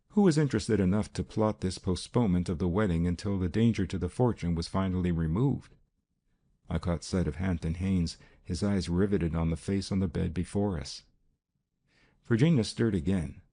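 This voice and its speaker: A man narrating a mystery audiobook in a steady, even reading. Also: low-pitched, breathy edge. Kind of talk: scripted narration.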